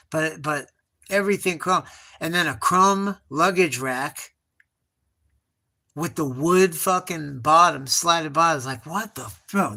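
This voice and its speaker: A man's voice: on the high side, bright, forceful tone. A middle-aged man streaming himself drawing, telling rambling nostalgic stories in profane slang and calling his listener bro and dog. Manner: nostalgic storytelling, trailing off and restarting. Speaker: artist streaming live. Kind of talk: rambling casual monologue.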